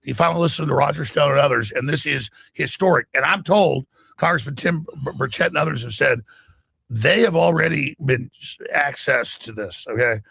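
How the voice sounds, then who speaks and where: A man with a gravelly, raspy voice delivering an emphatic, excited monologue as a talk show guest. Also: on the high side, a little fast, no echo. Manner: emphatic, acts out quoted voices.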